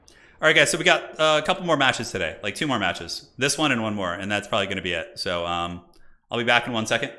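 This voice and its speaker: Lively bright-voiced male streamer. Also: lowish voice, quick pace. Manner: excitable, joking, laughs often, chats to viewers. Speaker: streamer hosting multiplayer matches. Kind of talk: casual live-stream commentary.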